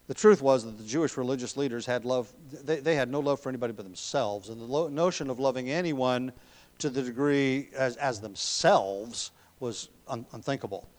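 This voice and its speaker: A man's voice: mid-range voice, moderate pace. Emphatic male preacher. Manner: emphatic, rising on key words, with frequent ums and throat clearing. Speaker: pastor. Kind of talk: expository sermon.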